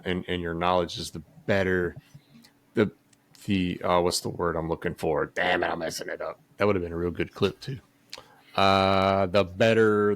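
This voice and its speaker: A man hosting a casual podcast chat, rambling at times and searching for words. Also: low voice. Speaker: podcast host.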